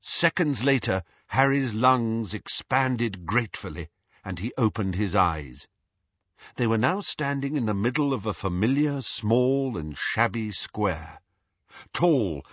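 A man narrating a storybook in a measured, expressive way. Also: fairly low pitch, no echo, highs cut off. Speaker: audiobook narrator.

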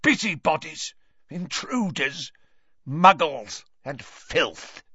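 Brief: reader doing nasty old man, high snarling voice, storybook. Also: big pitch swings, slow pace, pushed and bright, slightly rough, no echo, full character voice. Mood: hostile. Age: older. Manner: snarling, hostile. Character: aggressive elderly male cottage-dweller, sneering. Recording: dull dry lo-fi recording.

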